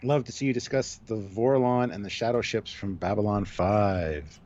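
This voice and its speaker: Guy on a video call stream reading out donations, lowish voice, dull lo-fi audio, faint hiss. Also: moderate pace, a little mellow. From Canada. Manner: reads viewer comments aloud, laughs often. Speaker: co-host of a live stream. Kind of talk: casual live-stream chat reading donations.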